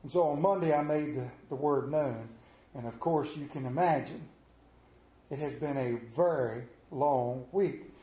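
A man's voice: medium pitch, unhurried, warm tone. A man giving a conversational sermon as a lay preacher, telling folksy, humorous stories about his week. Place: church sanctuary. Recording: roomy echo of a church.

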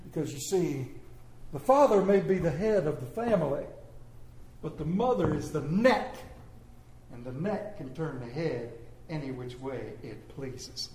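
A man's voice: on the high side, animated, unhurried, a little mellow, echoey room, slight background noise. A man preaching a sermon, telling stories with humor and calling for responses. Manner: storytelling with humor, call and response. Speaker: pastor.

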